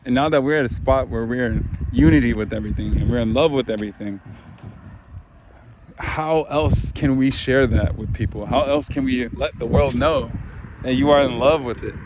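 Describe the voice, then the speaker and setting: A man giving a casual spiritual talk, relaxed and rambling, full of "you know", his throat a bit crackly. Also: mid-range voice, moderate pace. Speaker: spiritual video host.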